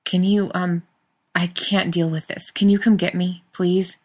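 A woman's voice: fairly low pitch, flat delivery, unhurried, darkish tone. A woman voicing an anxious male professor who speaks hesitantly and pleads in a read-aloud story.

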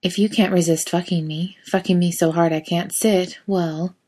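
A woman voicing a playfully smug adult man who teases his partner in soft, coaxing murmurs. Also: lowish voice, fairly even intonation, moderate pace, close to an everyday voice. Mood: coy.

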